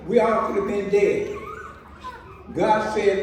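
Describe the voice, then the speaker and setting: Male reverend, animated storyteller, high voice, recorded from afar in a reverberant hall. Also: slow pace, pauses often, slight background noise. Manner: lively storyteller acting out dialogue. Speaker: reverend telling a personal story. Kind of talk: storytelling speech at a celebration. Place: large hall. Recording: echoey hall from far off.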